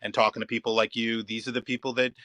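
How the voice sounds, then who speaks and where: A man's voice: mid-range voice, little pitch movement, fast talker, a bit bright, no echo. A man from Philadelphia, a guest on a podcast, talking earnestly and gratefully in a casual interview. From Philadelphia, United States. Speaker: league scheduling executive, guest.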